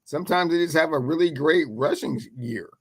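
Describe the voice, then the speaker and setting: A man's voice: fairly high pitch, brisk. A man co-hosting a sports talk show, needling his partner and repeating the same question to pin him down. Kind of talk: heated sports debate.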